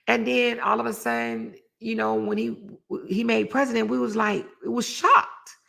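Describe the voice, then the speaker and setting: A middle-aged woman, hosting a casual live stream and telling a story, acting out quoted voices with sudden high jumps. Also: moderate pace, creaky. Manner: animated storyteller, acts out quoted voices with big pitch jumps. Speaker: host of a live relationship talk show.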